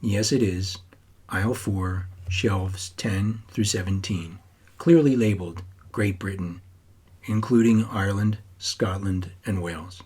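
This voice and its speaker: A man's voice: fairly low pitch, a little slow, a little mellow, husky. A man voicing a curt, stern woman librarian who answers in a clipped, dismissive way.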